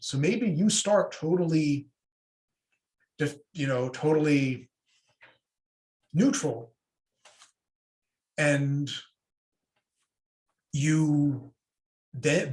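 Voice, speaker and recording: Chatty man leading an online workshop. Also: on the high side. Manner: conversational, acts out quick sample dialogues. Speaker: webinar presenter. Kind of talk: casual online workshop talk.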